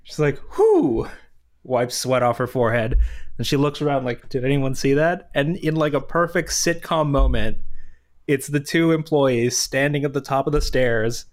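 A man's voice: mid-range voice, normal speed. Playful guy cohost being wry and laughing at the book. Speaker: podcast co-host. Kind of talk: casual comedic book review.

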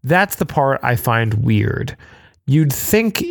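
A man co-hosting a casual podcast, walking through game rules at a middling pitch. He rambles and keeps restarting his sentences, filling gaps with little filler words. His voice sounds dry and close to the mic, with no room echo. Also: very animated, slow pace, gravelly. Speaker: podcast co-host.

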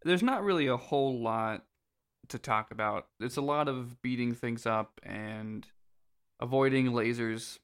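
A man's voice: medium pitch, measured pace, a bit bright, clean tone. A man co-hosting a casual podcast, laid-back, with crude jokes and lots of ums. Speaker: podcast co-host. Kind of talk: casual game-recap chat.

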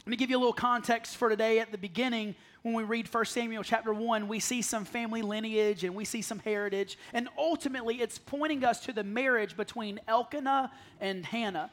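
High-voiced pastor preaching with humor. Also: male voice, a little fast, hardly any pauses. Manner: lively storytelling with self-deprecating humor; acts out quoted voices, dropping to soft pleading. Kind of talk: sermon. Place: church sanctuary with congregation.

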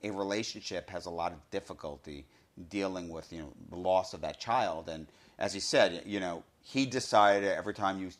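A man hosting a podcast, talking through a film review in an excited, casual way, often saying "you know". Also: sits low, normal speed. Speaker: podcast host.

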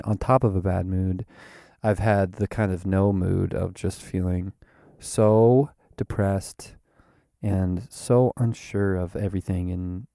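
A man's voice: sits low, dark tone, no room sound, clean studio sound. A man hosting a rambling solo podcast while tipsy, playful and self-mocking, drifting into sing-song. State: tipsy from drinking. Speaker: podcast host. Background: faint looped guitar.

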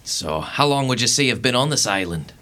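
A man's voice: medium pitch, animated, brisk, pushed and bright. A man playing a tabletop game as a pirate captain, joking and half in character. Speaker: player. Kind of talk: tabletop role-play.

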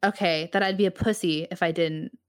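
A woman's voice: lowish voice, fairly even intonation, a little fast. Frank woman guest telling a story. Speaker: podcast guest. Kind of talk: casual chat.

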